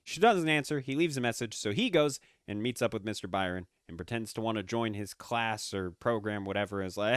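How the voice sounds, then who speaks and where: A young man giving casual movie commentary, excitable and sarcastic, swearing often. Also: lowish voice, fairly quick, no room sound, studio quality. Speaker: movie reviewer.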